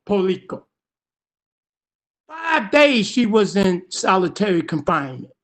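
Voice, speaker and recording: A man in his sixties giving emotional public testimony over a remote call, his voice rising into urgent pleading. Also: high voice.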